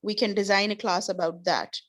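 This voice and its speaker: A woman's voice: medium pitch, steady tone, moderate pace, fairly bright tone, slight background noise. A woman teaching an online class, explaining patiently with repeated examples. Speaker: English teacher.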